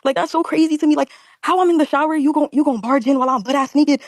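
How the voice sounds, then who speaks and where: A woman's voice: high-pitched, racing, no echo, studio quality. A woman with a New York accent ranting on a live audio stream, profane and combative.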